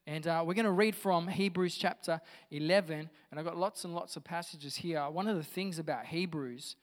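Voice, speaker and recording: A man's voice: fairly high pitch, normal speed, long reverb tail. A man pastor giving a conversational, enthusiastic sermon to his church.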